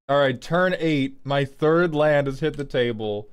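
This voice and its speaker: A man streaming live as a reviewer of viewers' card game decks, talking casually and profanely with loud outbursts. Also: on the high side, unhurried, hardly any pauses, clean tone. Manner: animated, profane, breaks into loud outbursts and laughter. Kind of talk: casual livestream commentary.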